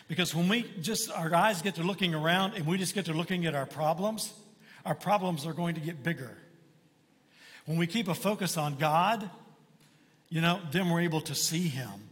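A man's voice: on the high side, fairly bright tone, in a large hall. A man preaching a sermon as pastor, talking in a folksy, conversational way with frequent asides to the congregation.

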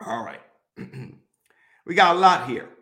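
Guy walking a class through bible verses, slow and methodical, average pitch. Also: lively intonation, bright, forceful tone. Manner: methodical, repeats instructions to mark the text; reads scripture aloud then pauses to direct. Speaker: Bible teacher. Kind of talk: Bible study teaching.

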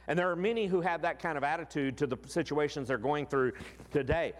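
A man preaching a sermon in an expressive way, slowing down to stress key words. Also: fairly high pitch, big-room sound. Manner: expressive, slows down for emphasis.

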